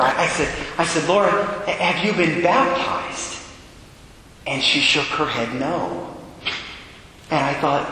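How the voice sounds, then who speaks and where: A man who is a Catholic priest, telling a story in a sermon and acting out the dialogue with animated changes in his voice. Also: a little high, a little hiss or hum. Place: church. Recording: echoey church hall.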